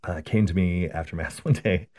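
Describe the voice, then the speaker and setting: A priest explains prayer in an earnest, conversational way and tells stories as he goes. His voice sits very low. He often checks in with a quick "right?". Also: mellow. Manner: earnest, storytelling, repeats "right?".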